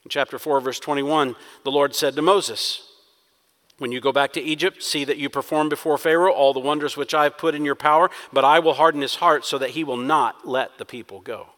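A man's voice: on the high side, fairly even intonation, a little fast, fairly bright tone, big-room sound. A man preaching a sermon, acting out quoted prayers with rising intensity. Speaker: pastor.

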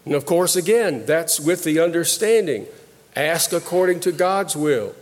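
Slow-preaching man in a reverberant hall. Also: fairly high pitch, expressive. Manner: slow, deliberate preaching with pauses and repeated phrases. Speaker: pastor. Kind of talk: sermon.

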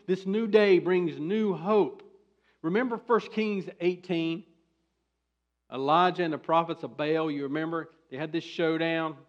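High-voiced preaching man, lo-fi. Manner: preaching, rising to emphatic bursts. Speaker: pastor. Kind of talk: sermon.

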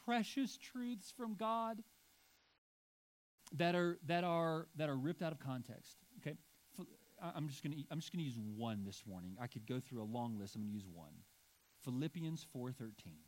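Male pastor, middle-aged, mid-high voice, chatty and emphatic from the pulpit. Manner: conversational, emphatic preaching with asides to the congregation. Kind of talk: sermon.

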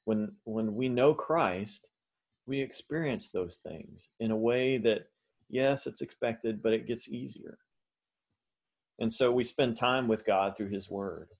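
A male pastor preaching a sermon in an animated way, with fillers and restarts. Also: on the low side, slow, gravelly, slightly rough.

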